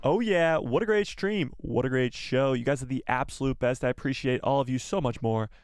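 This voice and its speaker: A man's voice: mid-range voice, fairly quick, smooth, faint music behind. A man hosting a casual live stream, upbeat and rambling, often repeating himself as he chats to viewers. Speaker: YouTube live stream host.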